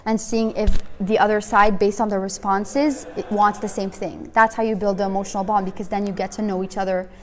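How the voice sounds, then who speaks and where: A woman's voice: mid-range voice, level tone, brisk, hardly any pauses, slight background noise. A young adult woman teaching a women's class in a casual, chatty way, full of "like" and "you know", often acting out little conversations. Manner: chatty, filler-heavy, acts out little dialogues.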